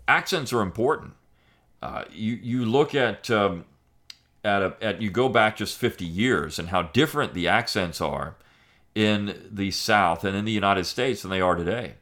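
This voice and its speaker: A man's voice: low-pitched, fairly bright tone. A middle-aged man hosting a show, talking through his thoughts with many restarts and fillers. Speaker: podcast host. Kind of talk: casual monologue, then reading aloud.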